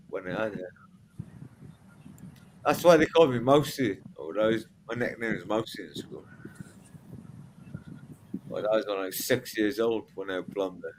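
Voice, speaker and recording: A man's voice: lowish voice, a little hiss or hum, low-quality recording. A man in a casual online group chat who swears constantly, rambles and trails off. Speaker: chat participant.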